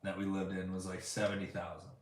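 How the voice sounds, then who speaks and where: A man's voice: sits low, monotone, fast talker. A man co-hosting a family live stream in an easygoing, teasing way, reading viewer comments aloud. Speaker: co-host reading live chat. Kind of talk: casual live-stream chat. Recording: echoey room, distant mic, faint hiss.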